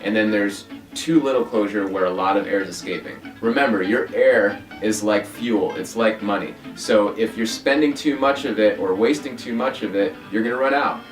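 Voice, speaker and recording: A man vocal coach explaining breath and vocal fold closure in a relaxed, conversational way. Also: lowish voice, normal speed, few pauses, faint music behind. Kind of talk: instructional video. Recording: roomy, from a distance off-mic.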